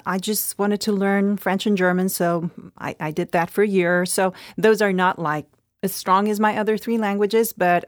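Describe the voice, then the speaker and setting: A woman guest on a podcast, who grew up in Mexico City, talking in a relaxed, rambling way with many fillers. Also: medium pitch, dry recording, clean studio sound. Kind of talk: casual interview chat.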